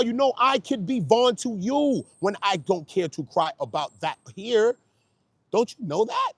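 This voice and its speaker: Brooklyn male commentator, somewhat high voice, dry close recording, emotional street-slang monologue. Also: animated, unhurried, breathy edge, no room sound. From Brooklyn, New York. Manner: swings from low, quiet talk to loud, high emotional outbursts; slangy and emphatic, keeps asking if you hear him. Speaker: YouTube commentator. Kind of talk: emotional casual monologue to camera.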